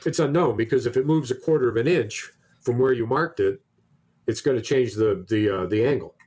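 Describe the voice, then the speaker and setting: A man telling a long anecdote in casual conversation, animated, stumbling over restarts and acting out the quoted dialogue. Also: mid-range voice, fairly quick, slightly rough. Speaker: storyteller in a conversation.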